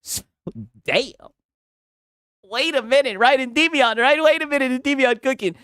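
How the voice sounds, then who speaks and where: A man reacting to posts on a casual stream, animated and laughing, with "right?" after many lines. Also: extremely high pitch, normal speed, smooth.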